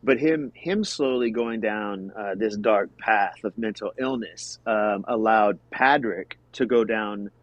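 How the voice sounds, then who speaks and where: Halting American man, dry close sound. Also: lowish voice, no echo, highs cut off. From United States. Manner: halting, restarts often, explanatory. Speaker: podcast guest. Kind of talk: casual chat.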